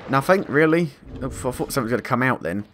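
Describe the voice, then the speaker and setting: Excitable man commentating gameplay. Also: medium pitch, rapid-fire, a little hiss or hum. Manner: excitable, swears, panics and laughs at himself. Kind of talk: let's play commentary.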